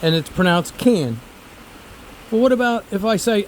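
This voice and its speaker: A man's voice: high voice, lively intonation, moderate pace, slight background noise, poor audio. Rambling older man touring his fig trees. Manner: chatty, rambling, digressive. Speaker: fig grower and former teacher. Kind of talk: casual garden vlog. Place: outdoors among fig trees.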